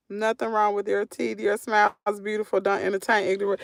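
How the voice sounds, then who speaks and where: A woman's voice: mid-range voice, little pitch movement, fairly quick, vocal fry, hardly any pauses, no room sound, clean studio sound. A woman with a Southern American accent, chatting casually with her livestream viewers from a parked vehicle, reading comments and laughing often. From Southern United States. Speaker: channel host.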